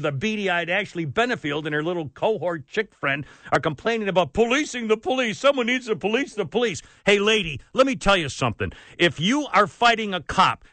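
A man's voice: high voice, pushed and bright, dry recording. A man hosting a talk radio show, ranting in an exasperated, worked-up way and saying he is sweating. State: sweating, overheated. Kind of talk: opinionated talk radio rant.

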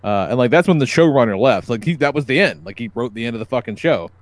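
A man co-hosting a casual podcast, joking and laughing through quick banter. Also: mid-range voice, expressive, dry recording. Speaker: podcast co-host.

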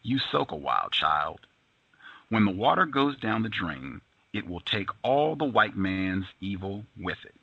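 A gentle older grandmother speaking softly to a child, as a man reads her words aloud. The voice is lower and somewhat husky. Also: very animated, a little slow, no room sound, muffled recording, heavily acted. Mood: soothing.

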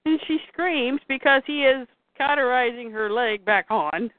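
A woman's voice: fairly high pitch, a little slow, dry recording. A woman host animatedly recapping a comic and reading parts aloud in a casual chat. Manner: animated, exclaims at scenes. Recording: dry, tinny phone-like sound.

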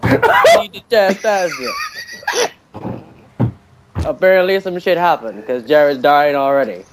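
A man's voice: high-pitched, noisy background, pitched above the performer's own voice, close to an everyday voice. A man reading a listener email while putting on the voice of a cocky wrestler persona, with a swaggering drawl full of "hey yo". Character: swaggering tough-guy male wrestler persona.

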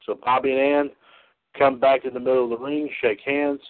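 A man's voice: mid-range voice, flat delivery, fairly quick. Man, podcast trivia host, rambling, self-correcting, playful, phone-quality audio. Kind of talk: casual podcast chat.

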